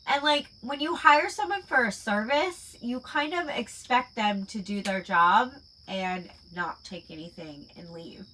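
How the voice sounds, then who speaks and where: A woman chatting casually on a late-night stream, her voice bright and clear. She takes her time, drifting through her thoughts with plenty of "like" and "um" along the way. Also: a little high, measured pace, hardly any pauses, poor audio. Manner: rambling, full of "like" and "um". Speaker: online shop owner hosting a live chat stream.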